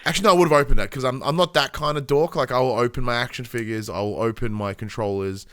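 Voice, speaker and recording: A man's voice: mid-range voice, fairly even intonation, fast talker, a bit bright, no echo, studio quality. An Australian man co-hosting a podcast, telling rambling stories with lots of fillers and chuckles. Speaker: podcast co-host. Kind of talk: casual podcast chat.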